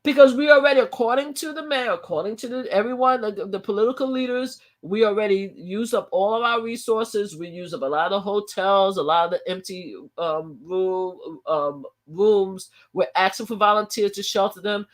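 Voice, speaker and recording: A woman's voice: medium pitch, moderate pace, hardly any pauses. A woman, holding forth on her own live stream in a casual, heated rant. She leans hard on her words and circles back over her phrases, restarting and repeating them as she builds her point.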